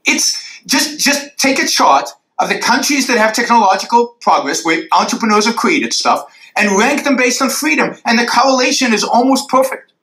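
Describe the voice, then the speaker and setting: A man with a high, bright, forceful voice gives an emphatic answer in a lecture Q&A. He drives his points home with repeated rhetorical questions. The sound is roomy and echoey, as from a lecture hall. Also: expressive, normal speed. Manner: emphatic, drawing graphs in the air for the audience.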